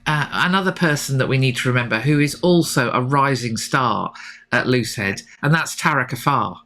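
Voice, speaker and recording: A woman co-hosting a rugby podcast, chatting excitedly and rambling with lots of fillers. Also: rumbling low, moderate pace. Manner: enthusiastic, rambling with many fillers. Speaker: podcast co-host and rugby photographer. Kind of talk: excited casual chat about rugby.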